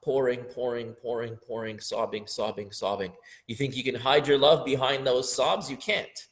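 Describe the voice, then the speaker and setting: Man, mid-pitched, an earnest teacher who swings between soft reflection and loud, fervent emphasis. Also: steady tone, moderate pace. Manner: impassioned, building up to loud emphatic peaks, sometimes half-singing verses. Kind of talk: religious lesson on a poem.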